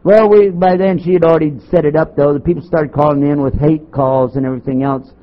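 Older man preaching, high, lo-fi tape. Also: fairly quick. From Texas. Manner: sarcastic, animated storytelling with rhetorical questions. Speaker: Muslim chaplain giving a talk. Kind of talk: preaching lecture to an audience. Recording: dull lo-fi tape recording.

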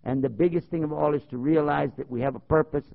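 A man preaching with a fairly high voice and plenty of rhetorical questions. He tells stories animatedly and acts out the dialogue. The sound is dull and lo-fi, like an old tape. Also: quick pace, vocal fry. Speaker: Muslim preacher. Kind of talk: sermon with storytelling.

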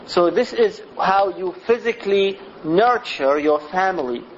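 A male preacher with a high voice speaks slowly and deliberately, stacking phrases into repetitive lists. The recording is muffled and lo-fi, with faint ambient noise behind him. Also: expressive. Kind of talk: sermon.

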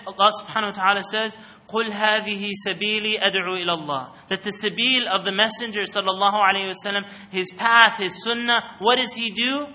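A man's voice: high-pitched, pushed and bright. A man giving a religious talk into a microphone to a live audience, often putting questions to the listeners and calling on them. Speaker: speaker giving an Islamic talk.

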